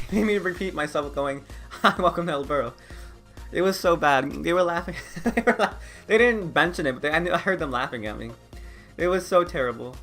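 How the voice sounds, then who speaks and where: Vlogging in a loose, wandering way, this young adult man, late teens or early twenties, has a slightly high and somewhat bright voice. He says "like" constantly and laughs a lot.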